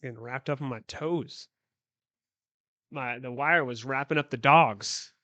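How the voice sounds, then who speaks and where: A man's voice: mid-range voice, a little slow, pushed and bright, no echo, dull audio. Rambling, jokey man on a dry mic. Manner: rambling, jokey, trailing off mid-sentence. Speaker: stream co-host getting a haircut. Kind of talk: casual live-stream chat. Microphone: handheld microphone.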